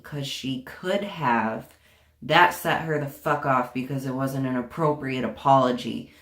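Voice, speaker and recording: A woman's voice: a bass voice, unhurried. A young woman telling a storytime vlog in a casual, profane and indignant way, full of sarcasm. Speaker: vlogger. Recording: echoey room.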